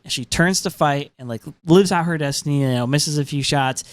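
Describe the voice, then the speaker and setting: An animated man co-hosting a podcast. He talks in a fairly high voice and piles on fillers as he makes his points. The sound is dry and close. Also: brisk, no room sound. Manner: emphatic, animated, frequent filler words. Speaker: podcast co-host. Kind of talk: casual chat.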